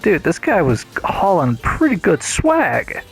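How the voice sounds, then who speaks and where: A man commenting on his game in a casual, excitable way, cursing freely along the way. His middle-pitched voice has a gravelly fry, and faint music sits behind him. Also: slow pace. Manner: casual, enthusiastic, swears a lot. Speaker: game streamer. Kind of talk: let's play commentary.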